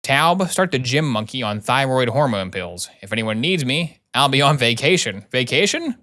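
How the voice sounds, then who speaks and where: A man reading the lines of a sarcastic middle-aged doctor in a deadpan, mocking way. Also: medium pitch, normal speed. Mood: sardonic.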